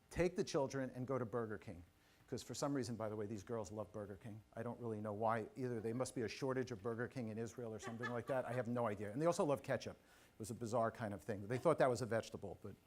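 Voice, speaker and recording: Speaking at medium pitch, a middle-aged man gives a motivational conference keynote from the stage. He recounts a personal story with lively energy, breaking off for quick asides and questions directed at the audience.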